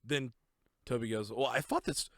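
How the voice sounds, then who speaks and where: Young male co-host, excitable fan retelling scenes, dry close sound, middle pitch. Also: moderate pace, dry recording. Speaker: podcast co-host. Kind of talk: casual movie review chat.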